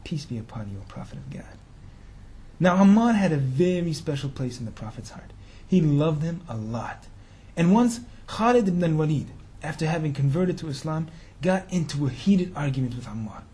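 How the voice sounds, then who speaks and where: A man's voice: on the high side, big pitch swings, normal speed, dark tone. A man telling a religious story in a sermon, talking casually and slangily and firing rhetorical questions at his listeners. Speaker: preacher.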